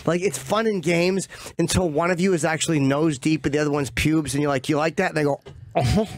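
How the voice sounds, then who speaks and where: A man's voice: fairly high pitch, fairly even intonation, quick pace, dry recording. Blunt, profane male radio host. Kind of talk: crude studio banter. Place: radio studio.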